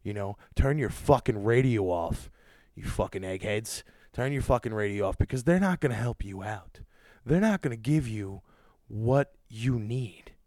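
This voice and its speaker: A man hosting his own podcast, ranting and cursing loudly about the music business. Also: on the low side, animated, normal speed, no room sound. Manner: loud, cursing, ranting, angry. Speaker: podcast host. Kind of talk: profane podcast rant.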